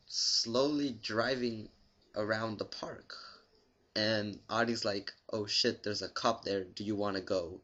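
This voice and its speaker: A young man telling a long story to his camera in a rambling, profane, deadpan way. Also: on the low side, measured pace, lo-fi sound. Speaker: vlogger.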